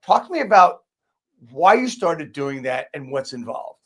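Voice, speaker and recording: A man's voice: a little high, sing-song, normal speed, fairly bright tone. A man hosting a casual podcast, asking blunt conversational questions. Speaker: podcast host.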